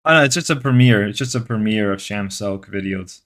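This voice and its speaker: A live streamer with a mid-range, fairly bright voice chats with viewers in a sing-song way, a little fast and with few pauses. He's sarcastic and mock-macho as he reads chat, rambling and restarting phrases.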